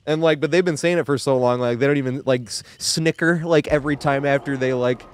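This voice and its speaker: A man's voice: medium pitch, a little fast, a little hiss or hum. Rambling, laughing man in his thirties. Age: 30s. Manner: rambling, laughs often, swears freely. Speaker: live streamer. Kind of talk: casual live-stream chat.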